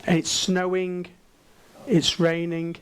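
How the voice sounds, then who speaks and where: An Englishman gives an interactive keynote from a conference stage, playfully coaxing the crowd with questions. His high voice is monotone and clean-toned, and he takes his time.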